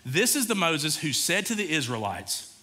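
Preacher guy, bright slightly high voice, chatty sermon with asides to the crowd. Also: big pitch swings, moderate pace. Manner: casual, conversational preaching with asides to the congregation. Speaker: pastor.

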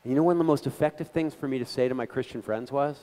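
A middle-aged man giving an animated, conversational talk to a gathering, telling stories with quoted voices and frequent restarts. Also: mid-range voice, rapid-fire, big-room sound. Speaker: guest speaker. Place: meeting hall.

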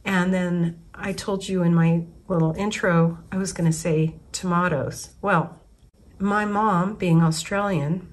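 A woman in her forties, an artist from the United States, talking through her thoughts in a loose, unscripted way. She often stops and restarts her sentences as she works out what she means. Her voice sits a little low for a woman. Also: steady tone, a little slow. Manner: rambling, thinking aloud with restarts. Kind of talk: casual spoken reflection.

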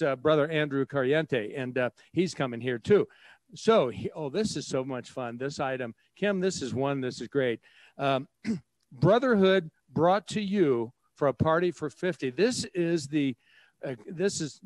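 A man working as auctioneer at a live charity auction, cracking jokes between items and breaking into a rapid bid chant. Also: on the high side, no echo. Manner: jokey, chatty asides, rapid bid chant.

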